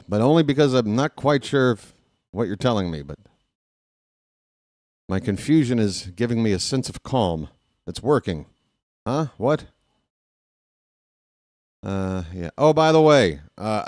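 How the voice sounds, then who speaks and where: An American man giving casual live fan play-by-play of a baseball game, chatty and talking to himself, with excitable bursts. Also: on the low side, no room sound, studio quality. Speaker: play-by-play commentator.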